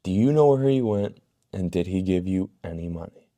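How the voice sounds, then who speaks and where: A man voicing a tired, stern school vice principal who talks in a calm, measured way. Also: low-pitched.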